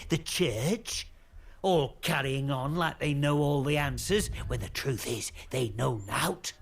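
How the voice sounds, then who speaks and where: English village man, suspicious, defiant, husky, unhurried, in a game. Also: medium pitch, exaggerated voice. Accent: British English. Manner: defiant, prying, rambling. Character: suspicious middle-aged male English villager, cagey. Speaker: game character.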